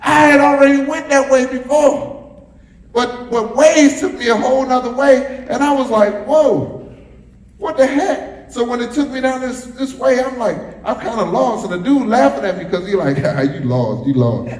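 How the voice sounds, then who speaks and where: A man's voice: very high-pitched, moderate pace. A man preaching a sermon as pastor, repeating phrases and drawing responses from the congregation. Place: church sanctuary. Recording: echoey hall, roomy reverb.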